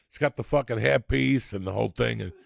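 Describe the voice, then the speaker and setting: A man's voice: medium pitch, moderate pace, gravelly, no room sound. A man, telling rambling, profane comic stories as a podcast host. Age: 60s. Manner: profane, rambling, animated storyteller. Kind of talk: storytelling comedy rant.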